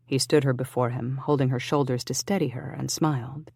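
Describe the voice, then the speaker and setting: An audiobook narrator reading a historical romance in an even, measured way. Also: mid-range voice, gravelly, no room sound, clean studio sound.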